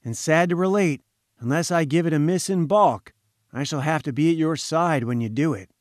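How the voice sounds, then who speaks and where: A man's voice: on the high side, normal speed, no room sound, natural voice. A man voicing a wry, matter-of-fact male companion in an audiobook, speaking in a dry, joking way.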